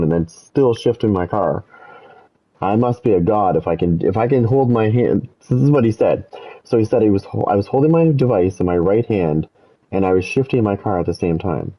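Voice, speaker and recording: A man's voice: on the low side, dull audio. A man telling a rambling story with plenty of swearing while he plays a game, speaking casually to his viewers. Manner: rambling, animated when quoting himself, swears freely. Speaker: gaming streamer. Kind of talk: casual storytelling over gameplay.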